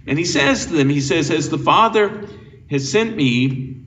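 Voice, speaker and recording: A man's voice: on the high side, lively intonation, measured pace, a bit bright. A man preaching an earnest, conversational sermon as a pastor, often restarting his sentences. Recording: dull, lo-fi sound from a distant mic with faint noise.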